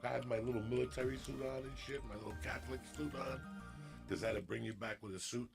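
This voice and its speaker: A man's voice: medium pitch, brisk, creaky, over music. A man in his fifties from New Jersey, telling a story on a podcast, swearing freely and acting out the people in it. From New Jersey, USA. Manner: profane, animated, acts out quotes. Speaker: podcast guest.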